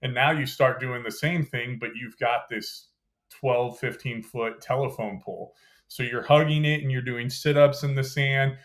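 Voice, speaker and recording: A young adult man talks through his memories of brutal training in a casual, conversational way. He lays out the details step by step and fills his sentences with "you know" and "like." His voice sits at an ordinary middle pitch. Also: steady tone, moderate pace, a bit bright. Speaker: podcast guest, former Green Beret. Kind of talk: casual storytelling interview.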